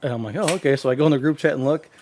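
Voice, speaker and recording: A man's voice: mid-range voice, rapid-fire, darkish tone, a little hiss or hum. A man co-hosting a casual podcast, telling rambling, profane stories and laughing through them. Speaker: podcast co-host. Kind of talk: casual storytelling chat.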